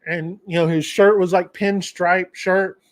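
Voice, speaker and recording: Male host, higher-pitched voice, loose rambling storyteller on a casual livestream. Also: little pitch movement, a little slow. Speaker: trucking channel host.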